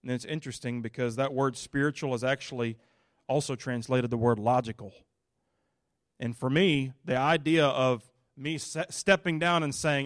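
A male pastor preaching a sermon in a folksy, casual, animated way. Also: mid-range voice, normal speed, no echo, clean studio sound.

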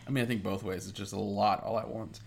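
A man's voice: fairly low pitch, fairly even intonation, fast talker, creaky. A young man co-hosting a podcast, laid-back and swearing freely, with a slightly stuffy nose from a cold. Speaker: podcast co-host. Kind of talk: casual podcast chat.

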